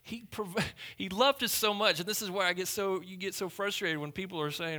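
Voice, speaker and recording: A man preaching a sermon as pastor, emphatic and repetitive, dropping to hushed lines and then rising loud. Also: sits high, fairly even intonation, moderate pace, few pauses.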